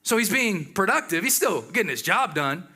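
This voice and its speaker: A man preaching a sermon in a lively, conversational way, with exclamations and asides to the congregation. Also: high voice, normal speed, husky.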